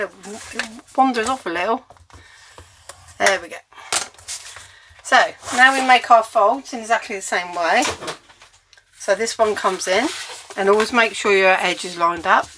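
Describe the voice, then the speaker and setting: A woman's voice: mid-range voice, pushed and bright, a little hiss or hum. An English woman giving a chatty, step-by-step cardmaking tutorial while she works at her crafting table.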